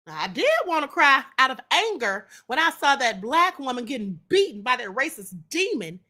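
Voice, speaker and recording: This livestream host has a high, sing-song, bright voice with a forceful tone and a moderate pace. On her commentary show she addresses the chat directly, bluntly and emphatically, going over her points again and again.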